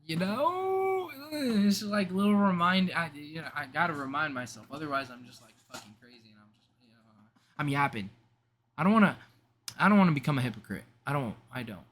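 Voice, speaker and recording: Bright-voiced young man rambling in a vlog. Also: fairly high pitch, expressive, a little fast. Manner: rambling, self-interrupting, slangy. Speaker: vlogger. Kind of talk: casual rambling vlog monologue.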